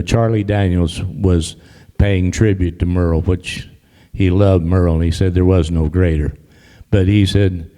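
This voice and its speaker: Older man from the audience, low, mellow, rambling, echoing hall. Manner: folksy, meandering, many restarts. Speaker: audience member. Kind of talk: rambling public remarks. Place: library event hall. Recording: long hall reverb.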